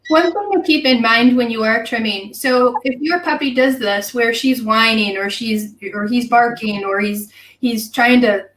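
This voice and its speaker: Woman, dog trainer, instructive, measured, roomy echo, off-mic. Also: a little high, fairly bright tone, distant mic, slight background noise. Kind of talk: explanatory interview chat. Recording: roomy sound, away from the mic.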